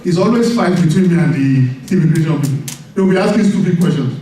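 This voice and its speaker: A high-pitched man preaches with animated energy, laughing often and calling out for responses from the congregation. His voice sounds set back from the mic, ringing through a very echoey church hall. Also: quick pace, recorded from a distance, a little hiss or hum. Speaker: pastor. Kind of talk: sermon.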